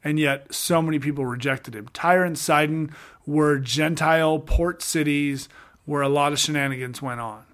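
A man's voice: fairly high pitch, normal speed. A middle-aged man hosting a podcast, talking through a Bible passage in a casual, jokey way with slangy asides. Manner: jokey, animated, slangy retelling of scripture. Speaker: podcast host. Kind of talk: casual Bible study chat.

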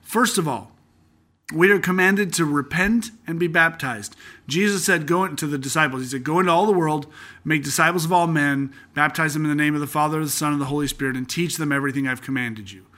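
A young man with a bright, forceful voice set a little high, hosting a casual Bible-study podcast. He talks earnestly and conversationally, then slows down to read scripture aloud. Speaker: podcast host teaching through a Bible book.

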